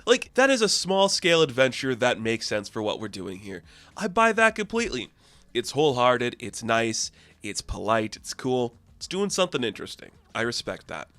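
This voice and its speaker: A man casually recapping a comic book issue, chatty and excitable, with lots of fillers and laughs. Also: medium pitch, normal speed, dry recording.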